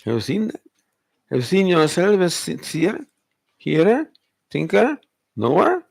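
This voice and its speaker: A man's voice: high voice, wildly swooping pitch, a little slow, gravelly, no room sound. A male spiritual teacher, giving a Vedanta discourse and pressing the listener with rhetorical questions. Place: retreat hall.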